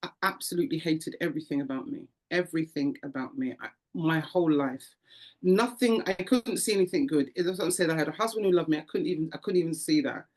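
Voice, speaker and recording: Brief: low-pitched woman, interview guest, animated testimony with acted-out voices. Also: fast. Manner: animated storyteller, acts out voices, frequent repetitions. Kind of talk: emotional testimony.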